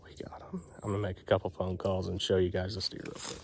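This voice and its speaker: A man filming on his phone outdoors in the woods, out of breath, talking in a hushed, awed way with soft exclamations. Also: deep voice, monotone, quick pace, gravelly, heavy background noise. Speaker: bow hunter filming his hunt. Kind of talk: casual outdoor vlog talk. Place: outdoors in wooded logging country.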